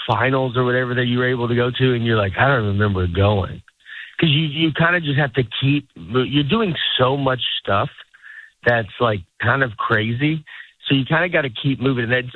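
A middle-aged man talks casually as a comedian guest on a radio show, rambling and restarting his sentences as he acts out what others say. His voice comes through thin and phone-like, with a dry, close sound and no room echo. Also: medium pitch. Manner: rambling, self-interrupting, acts out quotes. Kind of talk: casual interview chat.

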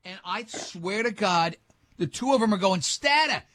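A man hosting a radio show, telling rambling stories with restarts and acting out other people's lines in animated banter. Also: high voice, moderate pace, no room sound, clean studio sound.

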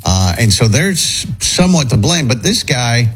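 A man's voice: mid-range voice, normal speed, faint music behind, poor audio. A man hosting a morning radio show, talking casually in a rambling, speculative way. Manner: rambling, speculative, animated storytelling.

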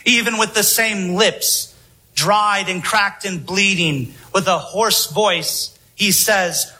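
A man preaching a sermon in a solemn, emphatic manner with long pauses. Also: high voice, steady tone, sharp tone, poor audio.

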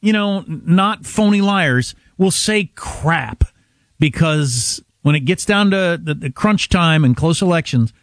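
A man hosting a political talk show, talking in a lively, swooping voice that rises a little high. He is mocking and opinionated, and the sound is dry and close. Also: a little slow, no room sound. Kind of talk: casual political banter.

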